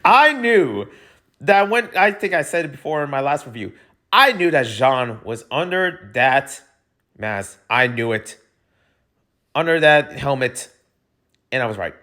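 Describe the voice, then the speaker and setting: A man in his twenties, rambling and excitable as he reviews a show in a casual vlog, often repeating himself. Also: on the high side. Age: 20s.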